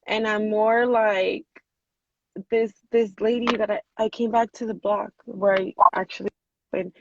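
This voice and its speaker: A woman in her thirties telling a personal story on a video call, animated and full of "like", acting out what people said. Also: medium pitch, measured pace, vocal fry, a little hiss or hum. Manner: animated, many "like" fillers, acts out quotes. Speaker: guest. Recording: dull lo-fi video call audio.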